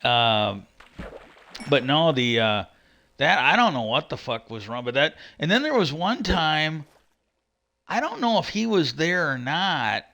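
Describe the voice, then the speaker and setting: A man's voice: mid-range voice, sharp tone, a little hiss or hum. Rambling, foul-mouthed man streaming a game. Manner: profane, rambling, retells arguments with lots of "I go". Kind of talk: casual storytelling while gaming.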